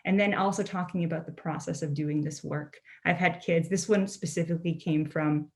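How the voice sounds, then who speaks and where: A woman's voice: low-pitched, steady tone, normal speed. Earnest woman speaker on a video call. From Mi'kmaq community in Canada. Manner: earnest, conversational, frequent "right?" and "you know". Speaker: poet and author giving a talk. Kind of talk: online presentation talk.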